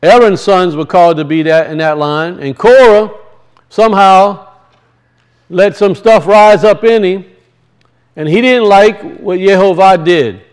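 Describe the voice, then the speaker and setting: Male Bible teacher, high clear voice, earnest sermon delivery with repetition. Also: measured pace. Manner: earnest, repeats key phrases, calls for congregation response. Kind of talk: Torah portion teaching.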